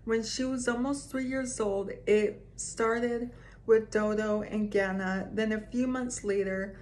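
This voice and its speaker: A woman's voice: mid-range voice, steady tone, a little mellow, a little hiss or hum. Woman reading spooky stories to her audience, taking her time, with small reactions between lines. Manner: slow, reads aloud with asides and reactions. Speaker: storyteller reading creepy stories. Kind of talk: casual reading of scary stories to viewers.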